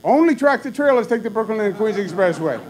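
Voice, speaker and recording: A man doing a quick-tempered older man, scolding with emphatic, exasperated force. The voice is pushed higher and louder than the speaker's usual tone. A faint mains hum sits under it. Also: expressive.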